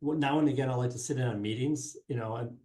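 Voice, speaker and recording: A man's voice: mid-range voice, fast, mellow. A middle-aged man chatting as an interview guest, rambling with many fillers and restarts. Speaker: guest, sports marketing specialist and former TV reporter. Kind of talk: casual interview chat. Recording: roomy echo.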